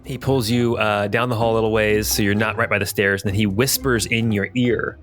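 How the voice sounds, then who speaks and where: Male game master, low voice, rambling fill-in narration. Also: little pitch movement, brisk, fairly bright tone, soft background music. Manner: loose, hesitant narration with fillers.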